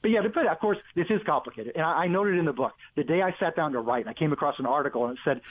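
A man speaks over a thin, tinny phone line as a guest on a radio show. His voice sits a little higher than most men's, and he tells stories with lively energy, often doubling back to restart his sentences. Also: very fast. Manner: animated storyteller with frequent restarts. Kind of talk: casual radio interview.

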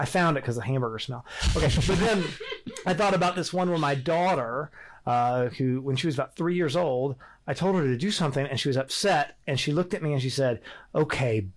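A middle-aged man chatting on a faith podcast, his voice sitting a little high for a man. He tells family stories with lots of laughter, jumping up into animated retellings. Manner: animated storyteller, laughs often. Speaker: podcast co-host. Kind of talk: casual faith discussion.

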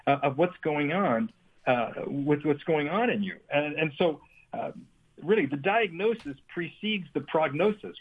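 A man's voice: a little high, husky. An older man telling a story as a guest on a talk show, earnest and full of restarts. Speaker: guest speaker on forgiveness. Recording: tinny phone line.

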